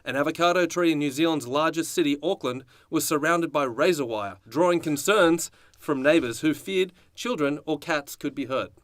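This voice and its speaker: A man's voice: a little high, moderate pace, few pauses, no echo. A man co-hosting a comedy podcast, reading a news story aloud and joking with laughs along the way. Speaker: podcast co-host.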